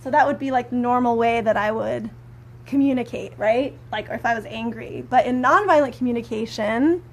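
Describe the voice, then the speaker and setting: A woman's voice: fairly high pitch, moderate pace. A woman chatting casually in a live stream, rambling with lots of fillers, teaching about communication. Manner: rambling, filler-heavy, conversational; animated when acting out quoted anger. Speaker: spiritual teacher and prayer practitioner.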